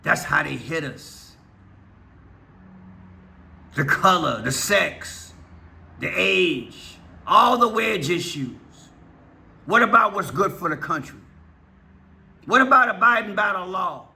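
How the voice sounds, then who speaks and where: A man's voice: fairly high pitch, animated, slow, vocal fry, long pauses, pushed and bright. A man preaching fervently to his viewers, urgent and impassioned, hammering points with repeated rhetorical questions. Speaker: preacher vlogger.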